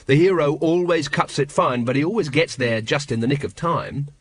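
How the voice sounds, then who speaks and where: A man's voice: a little high, normal speed, no echo, lightly acted. A man doing a weary, breathless watch captain. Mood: bitter desperation. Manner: wild, bitter inner monologue.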